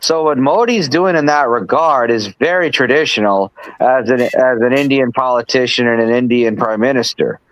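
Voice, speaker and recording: A man's voice: mid-range voice, normal speed, fairly bright tone, no room sound, low-quality recording. Rambling male host, dry sound. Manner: rambling, with frequent restarts and asides. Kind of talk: casual political chat. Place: live stream, remote.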